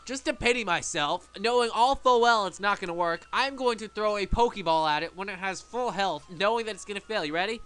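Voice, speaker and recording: A man commentating his own gameplay in a casual way, shouting and pleading at the game as he plays. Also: sits high, clear, resonant tone. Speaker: let's play gamer.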